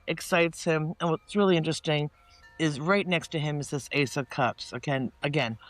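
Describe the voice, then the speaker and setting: A man's voice: a little high, normal speed, no room sound. Chatty man giving a tarot reading. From northeastern United States. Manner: chatty and meandering, with many restarts and asides; animated when quoting people in mock-casual voices. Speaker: tarot reader. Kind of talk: casual spoken tarot reading.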